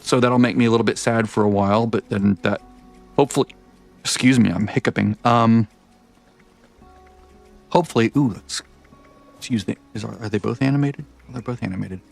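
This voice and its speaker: Over soft background music, a gravelly, fairly low-pitched man rattles off quick commentary on his game with hardly any pauses. This gaming vlogger is chatty and rambling, frequently correcting himself mid-thought.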